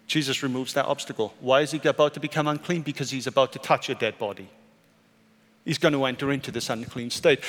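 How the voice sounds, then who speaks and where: A male pastor preaching a sermon, moving between urgent raised questions and quiet, hushed statements. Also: medium pitch. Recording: church hall reverb with soft music.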